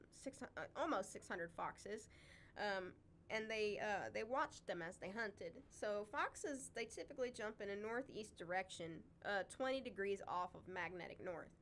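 A woman's voice: medium pitch, a little hiss or hum. A woman co-hosting a casual chat, talking with chatty enthusiasm and frequent laughs. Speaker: podcast co-host, wildlife sanctuary keeper.

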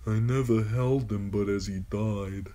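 A young woman knight, quiet and grief-struck, her voice close to breaking as a male reader puts her on. It sits far above his usual low voice, with a changed, distant tone. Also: fairly even intonation, unhurried, close to an everyday voice. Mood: grieving. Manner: soft, shaky voice near breaking. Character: tall young woman knight, grieving and vengeful.

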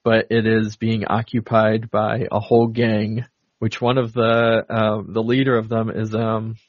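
A man's voice: lowish voice, monotone, unhurried, dry recording. A man co-hosting a podcast in casual chat, retelling film scenes in a rambling way with many fillers. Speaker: podcast co-host. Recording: dull lo-fi dry sound.

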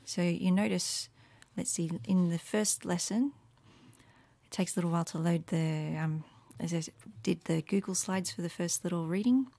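A woman giving a casual, rambling screen walkthrough of her Latin study resources, with many fillers and soft murmured asides. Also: lowish voice, steady tone, moderate pace, vocal fry, dry recording. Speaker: Latin teacher making resources.

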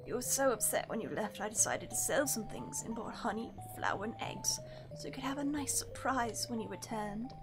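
A woman voicing a sinister, coaxing mother in a horror game, in a breathy, low whisper. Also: animated, moderate pace, over music, close to an everyday voice. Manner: sweet, coaxing, menacing.

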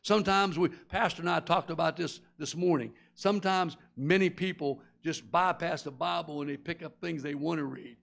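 A man's voice: fairly high pitch, normal speed, gravelly, hardly any pauses, fairly bright tone. A middle-aged man preaching a sermon, telling a folksy story and acting out its characters before turning earnest and confessional. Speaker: guest preacher.

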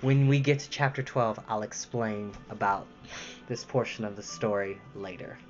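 A man reading a storybook aloud, lively, with chatty asides and self-corrections. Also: on the low side, moderate pace, highs cut off, soft background music.

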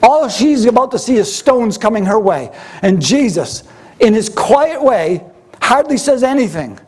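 Husky-voiced guy preaching, lots of questions and repeats, voice jumps all over. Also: very high voice, sing-song, unhurried, a little mellow. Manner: preaching with rhetorical questions and repetition. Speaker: pastor. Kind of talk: sermon.

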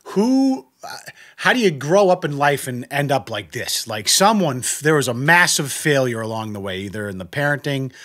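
A young man doing comedic reaction commentary on video clips, animated and swearing freely. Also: mid-range voice, brisk, hardly any pauses. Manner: animated, laughing, swears freely, breaks into shrieking impressions.

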